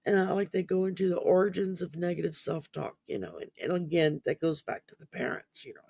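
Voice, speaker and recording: A man with a fairly high, gravelly voice talks through a topic in a loose, rambling way, full of ums and restarts, and sounds sleepy. The recording is close and dry. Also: fairly quick, a little mellow, no echo. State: sleepy, yawning. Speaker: podcast host. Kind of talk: casual mental wellness discussion.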